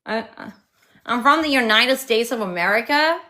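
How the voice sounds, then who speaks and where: A woman's voice: a little high, expressive, moderate pace, sharp tone. A woman from South Africa with a South African accent, hosting a live stream, talking to callers in a sassy, taunting way. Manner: sassy, taunting, switching voices. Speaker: livestream host.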